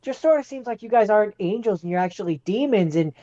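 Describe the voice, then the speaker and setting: A podcast co-host chats casually, stammering and repeating words while working through a thought. The voice is mid-pitched and comes through on dull, muffled lo-fi audio. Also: expressive, quick pace, warm tone. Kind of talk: casual chat.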